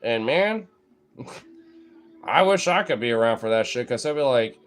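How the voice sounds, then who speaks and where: A man's voice: medium pitch, lively intonation, unhurried, long pauses. A man giving a heated, profane, rambling political rant in casual chat, talking straight to his viewers as a streamer.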